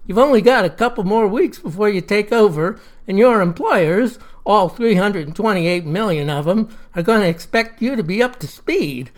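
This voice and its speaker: A woman's voice: mid-range voice, animated, moderate pace, few pauses, a little mellow, close to an everyday voice. A woman voicing a tall, cheerful man who talks in a folksy, hearty way.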